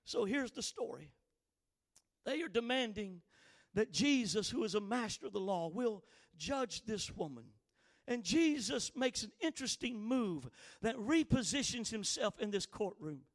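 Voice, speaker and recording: A man preaching a sermon, reading scripture slowly and building to impassioned, shouted emphasis. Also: high-pitched, sing-song. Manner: reads scripture slowly and deliberately.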